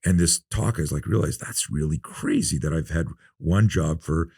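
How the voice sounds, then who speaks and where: Deep-voiced man telling stories. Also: moderate pace, gravelly, slightly rough, dry recording, clean studio sound. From North America. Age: 50s. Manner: relaxed storyteller who acts out quoted dialogue. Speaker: podcast guest, self-defense instructor. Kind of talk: casual storytelling interview.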